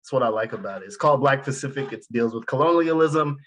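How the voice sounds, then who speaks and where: A man's voice: mid-range voice, lively intonation, fast talker. A man from San Jose, a rapper co-hosting a podcast, talking in a loose, laid-back way with casual swearing. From San Jose, California. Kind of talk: casual chat.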